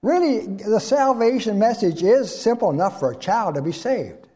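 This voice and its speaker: Man preaching with big swings in pitch. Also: lively intonation, normal speed. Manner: dynamic preaching, swinging from loud high emphasis to hushed low tones; asks the congregation to fill in words. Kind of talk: sermon.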